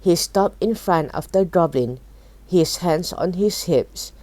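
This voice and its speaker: Woman reading a storybook aloud, low, slow, mellow, dry. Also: expressive, no echo. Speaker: storybook reader.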